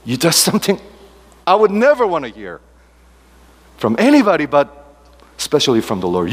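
A man's voice: on the high side, wildly swooping pitch, normal speed, pauses often. Man preaching in an echoing hall. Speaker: pastor. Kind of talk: sermon.

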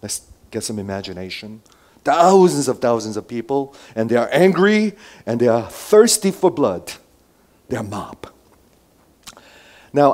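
A man preaching a sermon who moves between loud emphatic lines and quiet asides, and asks his listeners many rhetorical questions. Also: fairly low pitch. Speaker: pastor.

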